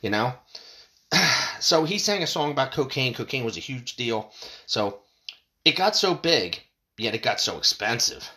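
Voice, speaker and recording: Man, casual rant, lively swooping pitch, bright edge, lots of cursing and restarts. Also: a little slow, pauses often. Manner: profane, rambling, stumbling restarts.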